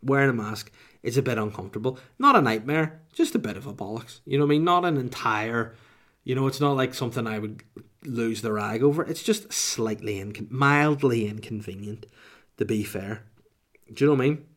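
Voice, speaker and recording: A man's voice: mid-range voice, expressive, a little fast, fairly bright tone. A young adult man with a Northern Irish accent, a comedian ranting to camera in a rambling, sweary way full of asides.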